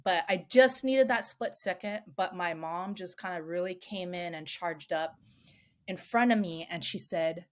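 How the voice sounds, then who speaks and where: A middle-aged woman recounts a family blowup with animated energy, cursing freely and slipping into the voices of the people she quotes. Her voice sits a little low for a woman. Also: unhurried. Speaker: podcast guest. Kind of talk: candid storytelling.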